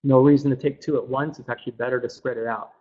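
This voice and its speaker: A man giving a casual webinar talk through a computer mic, chatty and loose, repeating words and filling pauses with um. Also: medium pitch, fairly even intonation, mellow, slightly rough. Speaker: webinar presenter. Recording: dull lo-fi webinar audio.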